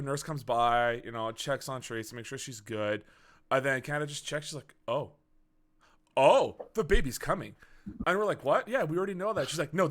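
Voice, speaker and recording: A young man hosting a casual podcast, telling a story in a lively, swearing way and acting out the people in it. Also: mid-range voice. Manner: animated, swearing storyteller who acts out quotes. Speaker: podcast host.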